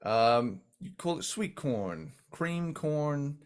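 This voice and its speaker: A man co-hosting a casual music ranking talk show, laid-back and quick to laugh, with lots of filler words. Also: on the high side, lively intonation, clear, resonant tone. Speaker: podcast co-host.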